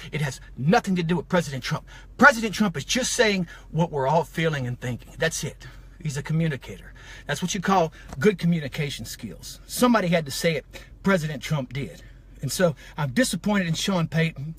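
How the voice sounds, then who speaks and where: A man's voice: high voice, fairly bright tone, slightly rough. A man vlogger delivering an emotional, fired-up rant to camera, heated and repetitive.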